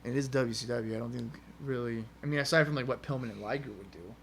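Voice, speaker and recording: Fast-talking rambling podcast man. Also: medium pitch, slight background noise. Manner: quick, rambling, jokey, many fillers. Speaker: podcast co-host. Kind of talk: casual watch-along chat with play-by-play.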